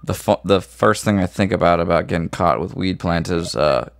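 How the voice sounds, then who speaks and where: A man's voice: sits low, moderate pace, vocal fry, dry recording. A young man hosting a podcast, chatting casually and cursing a lot as he jokes. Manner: profane, joking. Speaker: podcast host. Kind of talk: casual chat.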